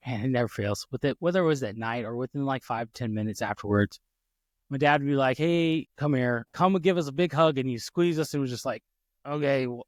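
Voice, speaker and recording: A man hosts a casual podcast chat from his home office, spinning a personal story with plenty of fillers and false starts. His voice sits in an ordinary middle pitch. The sound is dry and close, with no room echo. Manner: rambling, animated, many restarts and fillers. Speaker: podcast host.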